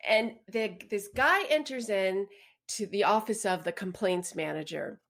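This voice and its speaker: A woman co-hosting a podcast, chatting casually and telling stories in an expressive way, often laughing. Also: medium pitch, unhurried, creaky. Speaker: podcast co-host. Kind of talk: casual chat.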